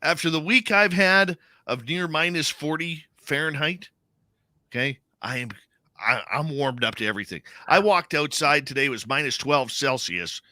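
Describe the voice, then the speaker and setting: A radio host with a punchy, intensely bright voice rattles off cheerful plugs and casual banter. The sound is dry and close, with no room around it. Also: male voice, on the high side, expressive, normal speed, dry recording. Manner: upbeat, promo-style plugs and banter.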